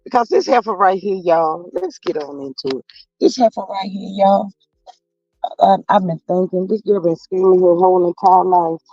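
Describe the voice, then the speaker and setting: A man's voice: high-pitched, normal speed, warm tone, no echo. A man hosting a casual live-stream commentary, gossiping in a drawling, sassy way and reading chat to viewers. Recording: slightly dull lo-fi audio with faint music.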